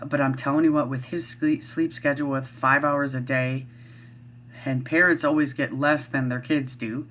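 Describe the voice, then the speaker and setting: A middle-aged woman with a rumbling low, steady, somewhat bright voice chats casually to camera from home as a parent vlogger. At a moderate pace she rambles, using lots of fillers and restarts, with slight background noise in the recording.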